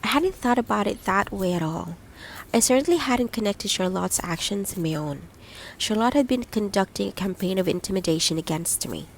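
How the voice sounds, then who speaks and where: A woman narrating a first-person audiobook in a gentle, reflective reading, lightly voicing the dialogue. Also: mid-range voice, animated, fairly quick, vocal fry, slight background noise, low-quality recording.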